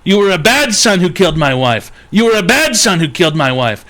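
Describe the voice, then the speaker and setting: A man's voice: high voice, big pitch swings, fairly quick, a bit bright. A man voicing an angry father who keeps berating his son in a repetitive, accusing rant. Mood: bitter.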